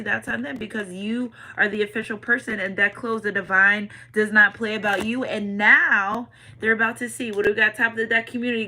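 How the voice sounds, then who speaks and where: A woman reads tarot for her viewers in a relaxed, slangy way, coming back again and again to the same pet phrases. Her voice is bright and forward, pitched in an ordinary middle range. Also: poor audio. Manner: slangy, repeats catchphrases, talks straight to viewers. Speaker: tarot reader. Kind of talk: casual tarot reading.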